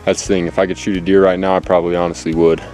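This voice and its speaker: A man's voice: low-pitched, flat delivery, racing, a little mellow, faint music behind. A man out of breath on a hunting trip, talking to the camera in a rambling, anxious way with lots of fillers, recorded outdoors on a handheld camera. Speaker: hunter vlogging outdoors. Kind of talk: casual vlog to camera. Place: outdoors in a forest clear cut. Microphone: handheld camera held close.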